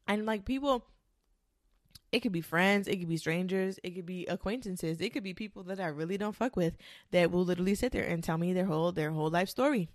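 A woman's voice: lowish voice, fairly quick, long pauses, no room sound, clean studio sound. Blunt, foul-mouthed woman ranting. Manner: blunt, profane, emphatic. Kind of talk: casual rant to camera.

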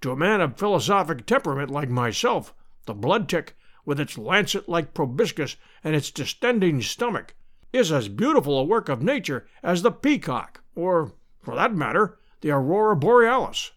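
A booming old professor who lectures with pompous, pedantic relish, as a male narrator puts him on. His voice rides high and swings widely through each grand sentence. He belongs to a classic adventure audiobook. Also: very animated, normal speed, fairly bright tone. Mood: pompous lecturing.

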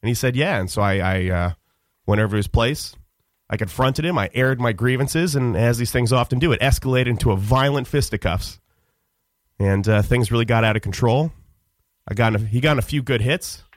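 A man telling a rambling, mock-solemn comic story on a radio show, halting with many fillers. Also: mid-range voice, no echo. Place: radio studio.

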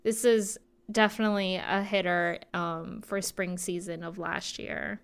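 A woman's voice: on the low side, steady tone, unhurried, creaky, clean tone. A woman co-hosting a podcast in casual chat, gushing and peppering her talk with "like" and "um". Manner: chatty, full of "like" and "um", gushing. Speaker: podcast co-host.

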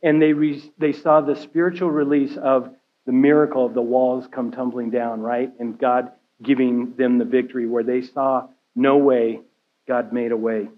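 A man's voice: medium pitch, level tone, normal speed, phone-quality sound. A male care pastor giving a conversational sermon, often checking in with his listeners by asking "right?" and "okay?". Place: church sanctuary.

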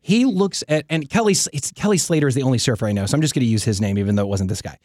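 A man's voice: mid-range voice, racing, dry recording, studio quality. A man co-hosting a casual chat, telling stories and acting out the people in them. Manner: animated, acts out quoted voices. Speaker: co-host.

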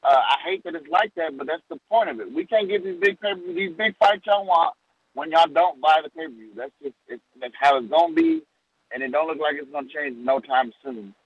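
A man's voice: fairly high pitch, big pitch swings, fairly quick, husky, no echo, narrow, tinny audio. A man calling in to a boxing show, rambling through his analysis and stopping to correct himself. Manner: rambling, self-interrupting analysis. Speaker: caller. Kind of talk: call-in phone talk.

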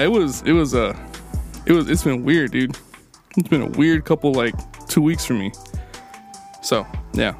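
A man co-hosting a casual podcast, telling rambling, profane stories packed with fillers. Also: fairly high pitch. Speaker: podcast co-host. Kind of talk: casual storytelling chat.

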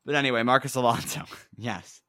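A man's voice: mid-range voice, fairly quick, pushed and bright, no echo, studio quality. A young man co-hosting a casual podcast, easygoing and jokey as he guesses ratings. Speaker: podcast co-host.

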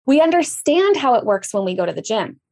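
Animated, higher-voiced woman storyteller. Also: brisk. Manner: animated storyteller, voice jumps up for emphasis. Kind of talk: casual podcast conversation.

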